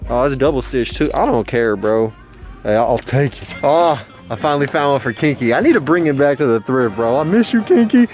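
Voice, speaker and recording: A man giving a joking vlog of his thrift store finds, hyped and goofy, often jumping into high silly voices. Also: a little fast, soft background music. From Texas. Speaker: vlogger showing thrift finds. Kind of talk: casual joking vlog narration.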